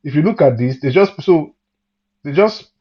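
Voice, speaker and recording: A man's voice: fairly high pitch, animated, moderate pace, dull audio. A man teaching an online music theory lesson, explaining step by step and reading lyrics aloud to show where the stress falls. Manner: explains step by step, repeats key points, reads words aloud to show stress.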